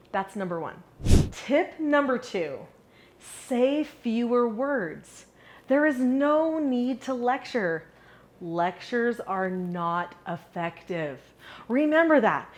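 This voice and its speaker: A middle-aged woman teaching a parenting lesson to camera, upbeat and moving between animated and calm delivery. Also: a little high. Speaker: parenting educator.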